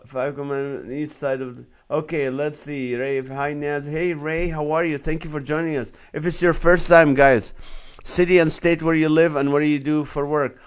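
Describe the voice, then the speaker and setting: A man's voice: a little high, clear, resonant tone. A man in his forties, a comedian hosting a casual live stream, reading viewer comments aloud and laughing along with their jokes. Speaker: comedian and show host.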